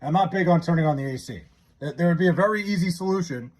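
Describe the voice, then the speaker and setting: Livestreaming from his house, a man with a fairly high voice and a New York-area accent chats casually and reads out viewer comments. He's loose and profane, drawling joke names out slowly.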